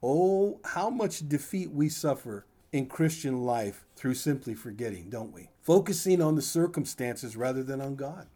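A man's voice: mid-range voice, animated, normal speed, hardly any pauses, dark tone. An older man preaching a sermon in a conversational, folksy way, with asides to his congregation. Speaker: pastor.

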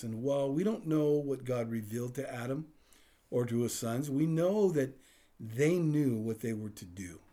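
A male pastor delivers a chatty, storytelling sermon, slipping into acted-out exchanges and chuckling as he goes. His voice is a little husky. His pitch moves a lot, swinging up and down through every phrase. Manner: animated storytelling with acted-out dialogue and laughter. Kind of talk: conversational sermon.

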